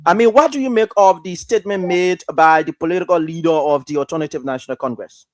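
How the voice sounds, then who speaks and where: A man hosting a live call-in radio show, speaking in a measured, halting way full of fillers. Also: a little high, no echo. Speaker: radio talk show host.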